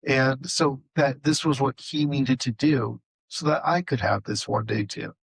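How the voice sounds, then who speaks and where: A man on a conference panel with a somewhat husky voice, retelling a story in a halting but lively way, full of ums and restarts. His voice is recorded close and dry. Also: medium pitch, no room sound, rough recording. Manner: halting, animated storyteller with many fillers. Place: conference session room.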